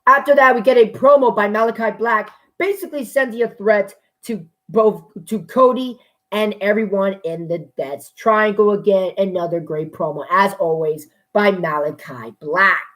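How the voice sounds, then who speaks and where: A woman giving a casual spoken review of a wrestling show, excitable and profane, breaking into gushing shouts. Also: mid-range voice, moderate pace.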